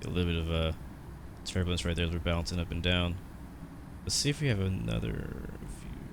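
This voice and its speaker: A man's voice: low-pitched, a little fast, creaky, background noise. An American man chatting casually and rambling through live commentary on his flight sim stream, talking to his viewers.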